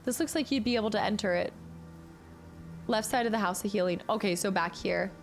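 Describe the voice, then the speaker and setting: A woman's voice: mid-range voice, fairly quick, faint music behind. A woman in her late twenties chatting casually on a gaming livestream, talking with her chat and laughing often. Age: late 20s. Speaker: streamer.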